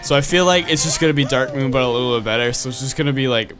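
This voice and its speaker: A man's voice: medium pitch, racing, over music. A man hosting a casual let's-play chat, rambling with lots of fillers and laughing easily. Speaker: host, gameplay commentator.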